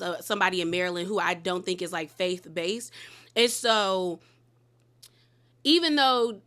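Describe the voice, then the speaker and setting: A bright-voiced woman giving a casual, gossipy recap of a reality show. She talks in a chatty, animated way and slips into quick impressions of the people she describes. Her voice has a clear, bright edge. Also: medium pitch. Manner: chatty, animated retelling with quoted voices and laughs; uses "girl" and "okay?" asides.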